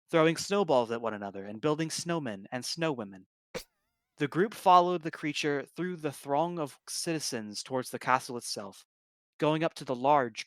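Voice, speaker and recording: A man's voice: a little high, no room sound. Man reading a story aloud on stream. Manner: casual, breaks off to comment and laugh. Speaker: story reader, stream host.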